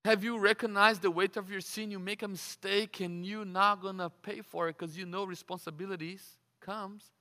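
A man's voice: sits high, fairly even intonation, normal speed, hardly any pauses, pushed and bright, in a large hall. A man preaching a sermon. He asks rhetorical questions and often repeats his words.

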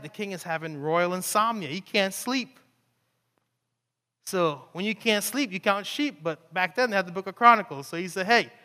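A male preacher, animated and conversational, full of playful asides as he tells the story. His voice is fairly high for a man. A long reverb rings from the hall around him. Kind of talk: sermon.

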